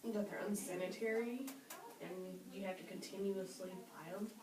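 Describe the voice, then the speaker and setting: A woman's voice: medium pitch, steady tone, a crowd in the background. A woman trainee giving brief answers to questions during a sales class. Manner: brief, quick replies to questions. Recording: distant mic, echoey room with group.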